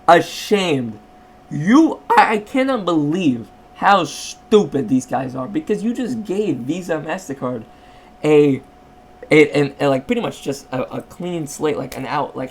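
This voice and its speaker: A man with a somewhat high voice rants casually to his own channel. He is sarcastic and rambling, often stopping to restart his sentences. He sounds like someone speaking off the cuff rather than from a script. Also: animated, unhurried, breathy edge. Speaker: channel owner. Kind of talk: casual rant vlog.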